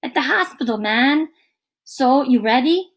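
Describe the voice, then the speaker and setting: A woman's voice: high voice, expressive, a little slow, voice pushed up, heavily acted, poor audio. A woman voicing a bossy, cocky teenage boy quarterback in a storybook reading, brash and upbeat. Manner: brash, upbeat, gasping after a hit.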